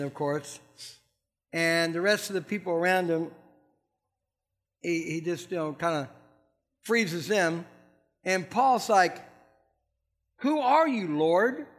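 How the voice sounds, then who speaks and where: A man with a notably high voice delivers a sermon. He keeps it loose and conversational, chuckling as he goes and checking in with the congregation. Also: a bit bright. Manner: conversational, laughs often, asks the congregation questions. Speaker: preacher.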